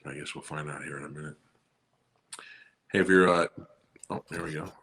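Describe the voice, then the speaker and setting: A man's voice: a bass voice, steady tone, moderate pace, creaky, fairly bright tone, breathy edge. A man co-hosting a podcast in casual, profane, rambling chat full of jokes. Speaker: podcast co-host.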